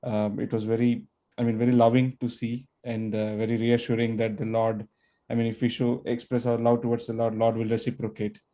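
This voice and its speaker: Flat, mellow-voiced man closing a session. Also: medium pitch, brisk. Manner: soft, gracious, filler-laden. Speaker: session host. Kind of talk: closing remarks.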